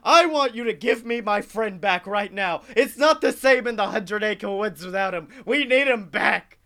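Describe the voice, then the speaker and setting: A man voicing a cartoon tiger as an excitable male tiger who pleads in a frantic, zany way. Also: high voice, moderate pace. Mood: pleading.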